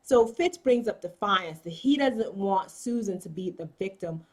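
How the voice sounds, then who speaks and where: Animated woman recapping a TV episode. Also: medium pitch, measured pace. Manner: chatty, acts out characters' lines with emphasis. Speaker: TV episode reviewer. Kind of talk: casual recap vlog.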